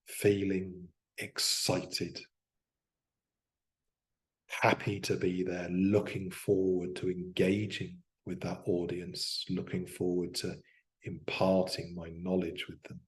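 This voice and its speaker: A man with a low voice acts as a coach demonstrating self-hypnosis aloud, guiding himself through slow, soft affirmations.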